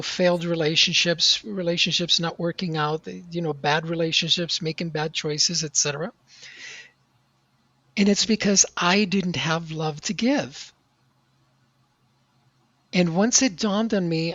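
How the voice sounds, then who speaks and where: A middle-aged man, a guest on an interview show, telling a personal story in an earnest, animated way. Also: fairly high pitch, dry recording. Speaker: podcast guest. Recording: dry, slightly dull audio.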